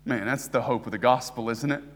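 American man preaching in a reverberant hall. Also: medium pitch. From United States. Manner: swings between hushed, slow emphasis and loud, rising exhortation. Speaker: guest preacher. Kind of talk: sermon. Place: church sanctuary.

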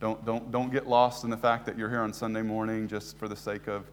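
An American man preaching a sermon as a visiting preacher, swinging between hushed, slow emphasis and loud, rising exhortation. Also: fairly low pitch, completely flat delivery, in a large hall, slight background noise. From United States. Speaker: guest preacher. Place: church sanctuary.

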